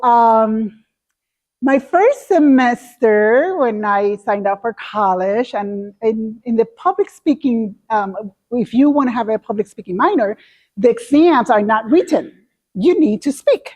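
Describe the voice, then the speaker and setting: A woman's voice: a little high, a little mellow. A middle-aged woman with a Spanish accent telling a personal story in a talk, acting out her own past reactions. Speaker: speaker.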